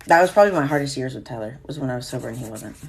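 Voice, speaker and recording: A woman's voice: a bass voice, expressive, very fast, background noise. A woman hosting a casual live stream, talking candidly and swearing freely as she reacts to viewer comments.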